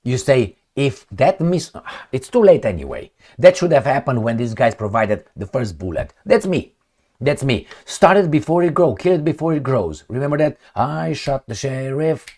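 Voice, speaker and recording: A man's voice: medium pitch, sing-song, moderate pace, a little mellow. A man hosting his own opinionated commentary vlog, talking bluntly and profanely, repeating words for stress and making gunfire and kicking noises with his mouth. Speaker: channel host.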